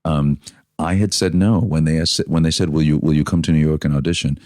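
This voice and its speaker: A man's voice: rumbling low, a little fast, no room sound, studio quality. An American man, a stage actor, telling anecdotes on a podcast and acting out the quotes of the people in them. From United States. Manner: animated storyteller, acts out quotes with big swings.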